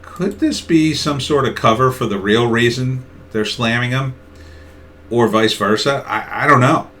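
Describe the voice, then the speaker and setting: A man's voice: medium pitch, measured pace, a little hiss or hum. A middle-aged man giving a casual political opinion monologue, acting out both sides of imagined conversations. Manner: acts out both sides of imagined dialogues, animated. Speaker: political commentator.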